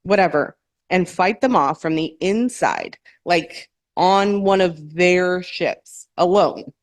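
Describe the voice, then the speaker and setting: A woman's voice: on the low side, takes it slowly, dry recording, clean studio sound. A woman voicing a smirking, self-assured woman thousands of years old who wields fire, reading her lines in a novel. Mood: defiant. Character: defiant ancient woman with fire powers.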